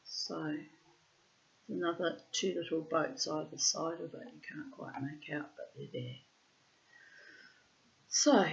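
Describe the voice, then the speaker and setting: A woman's voice: deep voice, slow pace, gravelly, pauses often, a little mellow, muffled recording. A woman reading her own diary entries aloud, dramatic and emphatic, with blunt swearing.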